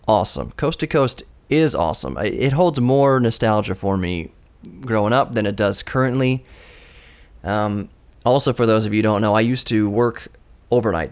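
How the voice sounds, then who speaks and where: A man in his thirties hosting his own radio show, talking alone into a studio microphone in an earnest, storytelling way with a dry, self-mocking streak. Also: on the low side. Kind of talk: reflective solo radio monologue. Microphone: studio broadcast microphone.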